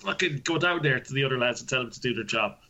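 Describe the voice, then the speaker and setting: A man's voice: medium pitch, lively intonation, quick pace, bright, forceful tone. A man, a network engineer telling a story in casual chat, swearing and laughing as he goes.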